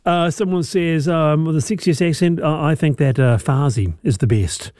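Mellow-voiced male radio host. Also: fairly high pitch, normal speed, no room sound, studio quality. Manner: lively, laughing, repeats words. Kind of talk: radio talk show hosting.

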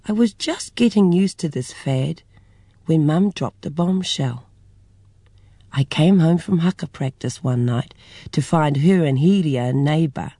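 A storyteller, reading a children's story aloud with expressive, varied delivery. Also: mid-range voice, no echo.

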